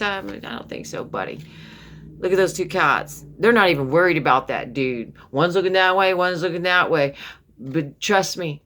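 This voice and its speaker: Deep-voiced lady doing a tarot reading, calls you baby and honey, kinda rambly. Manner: rambling, repeats words and restarts. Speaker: tarot reader.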